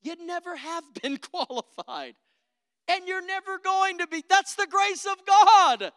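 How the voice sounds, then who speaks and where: A woman's voice: extremely high pitch, lively intonation, measured pace, fairly bright tone, dry recording, clean studio sound. A woman preacher delivering an emphatic, rousing sermon and calling out for amens from the congregation.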